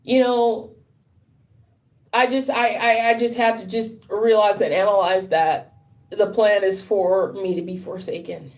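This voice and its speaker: A woman's voice: mid-range voice, fairly even intonation, a little slow, darkish tone. A tired woman talking on a casual livestream, rambling, swearing and sounding frustrated.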